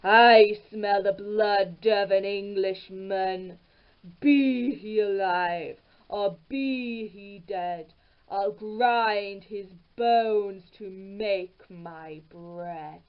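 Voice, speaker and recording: Woman doing storybook ogre: slow, booming, menacing roar, dull lo-fi sound. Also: clean tone. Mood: roaring menace. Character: huge roaring male ogre, menacing.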